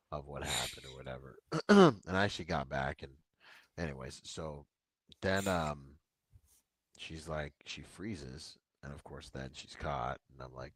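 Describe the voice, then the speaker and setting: A man with a very deep voice recounts his service days in a loose, rambling way. The recording is dry and close, with no room sound. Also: moderate pace, husky, no echo. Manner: relaxed, rambling war stories with filler words. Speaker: podcast guest, veteran. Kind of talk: casual storytelling.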